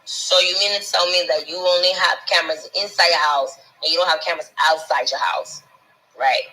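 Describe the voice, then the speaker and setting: A scornful woman rants in a piercingly bright voice that has a husky edge. She swears nonstop and trips over repeated words as she builds up steam. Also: fairly low pitch, steady tone, a little fast, low-quality recording. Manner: scornful, mocking, swearing constantly; repeats and restarts words when heated. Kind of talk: profane ranting monologue.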